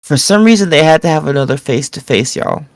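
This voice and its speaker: A woman's voice: sits low, expressive, fast, no echo. A woman co-hosting a wrestling podcast, ranting casually with lots of swearing and mocking impressions. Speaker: podcast co-host.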